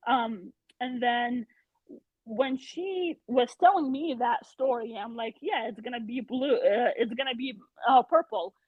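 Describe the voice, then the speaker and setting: Brief: high, husky woman guest over a thin phone-like line, retelling stories with lively quoted voices. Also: unhurried, no echo. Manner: animated retelling, acts out quotes. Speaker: podcast guest. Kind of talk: casual storytelling chat. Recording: tinny phone-like remote call.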